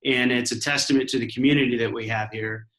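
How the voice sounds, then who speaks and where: A man's voice: mid-range voice, fairly even intonation, quick pace, a bit bright, echoey room, low-quality recording. A man from Arizona, a guest in a casual interview, speaking unhurriedly with frequent restarts. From Arizona, USA. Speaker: guest, commercial real estate owner.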